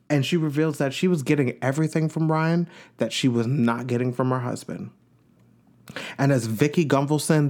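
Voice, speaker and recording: A man from Long Island, New York, hosting a podcast and giving a chatty, gossipy recap of a reality show with playful asides. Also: a little high. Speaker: podcast host.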